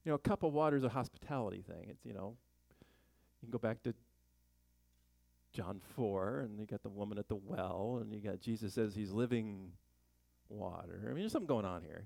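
A man's voice: lowish voice, lively intonation, normal speed, vocal fry, mellow, no echo. A man teaching a Bible study in a chatty sermon style, full of joking asides and rhetorical questions.

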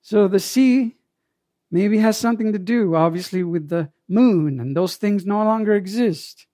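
A man's voice: sits high, measured pace, darkish tone, no echo, studio quality. A man preaching a sermon as pastor, with emphatic delivery that rises and falls.

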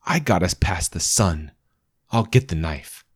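A man's voice: low voice, animated, a little slow, husky, heavily acted. A man voicing a small, loyal black-and-white dog that talks in an eager, earnest way, in a storybook reading.

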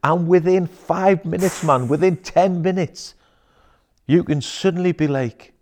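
A man, a coach, chatting casually as a guest in an interview, animated and sweary, dropping "aye" and "mate.". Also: a little high, unhurried. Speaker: guest, emotional intelligence coach. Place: wellness centre.

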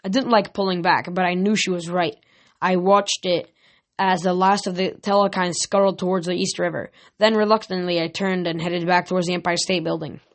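A woman's voice: fairly low pitch, fairly even intonation, fairly quick. A woman reading a novel aloud as an audiobook, with small slips and restarts. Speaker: reader.

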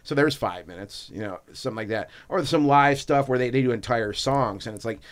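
A man's voice: medium pitch, brisk. A man co-hosting a film podcast, chatting casually and rambling with lots of restarts. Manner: rambling, enthusiastic, many ums and restarts. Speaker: podcast co-host. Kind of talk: casual chat.

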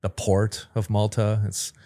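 Very deep-voiced joking woman host. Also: monotone, unhurried, mellow, no echo, clean studio sound. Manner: playful, slangy banter, jokes and teasing. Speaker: podcast co-host. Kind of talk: casual podcast chat.

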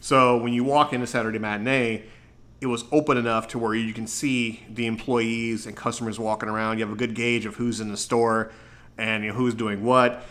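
A male host talking in a relaxed, meandering way, his voice bright and forward. He chats casually with a guest on his own show. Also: mid-range voice, fairly quick. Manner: relaxed, rambling descriptive talk. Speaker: podcast host. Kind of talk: casual chat.

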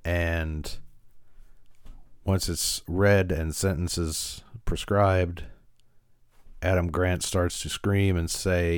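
A man's voice: low-pitched, level tone, very slow, pauses often, clear, resonant tone, dry recording, clean studio sound. A man hosting a podcast, casually recapping an episode with frequent fillers and restarts. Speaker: podcast host.

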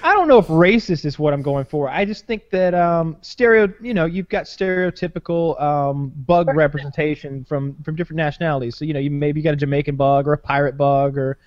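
A man's voice: fairly high pitch, a little fast, hardly any pauses, a little mellow. A man hosting a casual chat, rambling and laughing often, swearing freely. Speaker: podcast host. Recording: dull dry close-mic sound.

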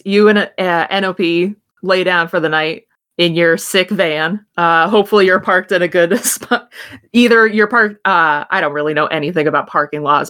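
Lowish-voiced woman game master. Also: fairly bright tone. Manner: rambling, self-deprecating. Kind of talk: narrating a tabletop game.

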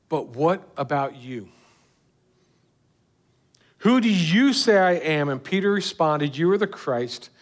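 A man preaching a sermon earnestly, putting direct questions to his listeners. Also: fairly high pitch. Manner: earnest, rising and falling with emphasis, asking the listeners direct questions.

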